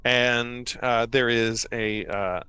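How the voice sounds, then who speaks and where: A man's voice: medium pitch, steady tone, takes it slowly, sharp tone, clear, resonant tone, no room sound. A man narrating a tabletop game as game master, meandering with many fillers.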